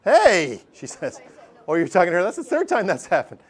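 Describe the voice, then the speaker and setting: A man teaching a math class, lively and joking as he talks straight to his students in a classroom. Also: high voice, quick pace, a faint crowd. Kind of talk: classroom lesson.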